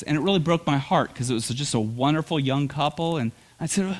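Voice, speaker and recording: A middle-aged male pastor preaching a sermon, telling humorous stories with lively, animated delivery. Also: on the high side, fairly quick.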